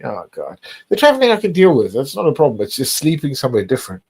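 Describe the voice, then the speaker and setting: A man's voice: mid-range voice, huge pitch swings, quick pace, a little mellow, slightly rough, rough recording. A man chatting casually, rambling and repeating himself, swearing often. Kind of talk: casual chat.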